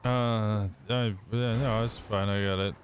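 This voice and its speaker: A man's voice: lowish voice, steady tone, a little slow, a little hiss or hum. A young British man streaming a roleplay game, chatting casually and explaining at length, swearing freely.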